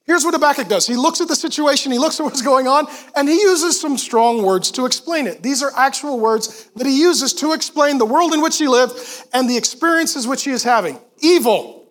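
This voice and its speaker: A pastor preaching a sermon to a congregation in a church, animated and emphatic, with quick asides to the crowd. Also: male voice, very high-pitched. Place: church auditorium before a congregation.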